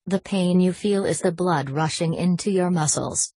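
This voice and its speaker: A woman reading the lines of a calm, cunning male French manservant, speaking quietly and assuredly with a French accent. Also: lowish voice, moderate pace, husky, dry recording.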